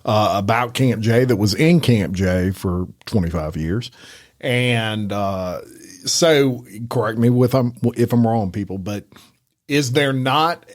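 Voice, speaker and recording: A man's voice: lowish voice, takes it slowly. A man hosting a podcast in casual chat, retelling a story emphatically and swearing casually. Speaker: podcast host.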